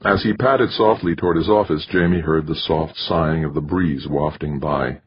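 A male audiobook narrator reads in a steady, measured way. His voice sits very low and sounds strongly raspy. The recording is dull and lo-fi. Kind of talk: scripted narration.

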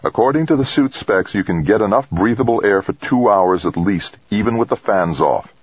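A man voicing a focused male mission leader giving brisk instructions. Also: fairly low pitch, lively intonation, husky, dry recording, highs cut off, voice pushed up. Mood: urgent.

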